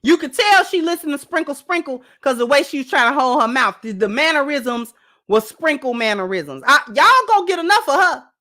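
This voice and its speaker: A woman's voice: high voice, very animated, a little fast, bright, forceful tone. A woman host giving sassy, emphatic reaction commentary on a dating clip and talking straight to her viewers.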